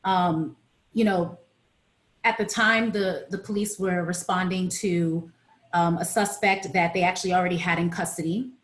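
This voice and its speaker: A woman's voice: fairly low pitch, fairly even intonation, normal speed. Hesitant woman, roomy sound. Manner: hesitant, many fillers and restarts. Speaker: presenter on a panel. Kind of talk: reading a timeline to an online group.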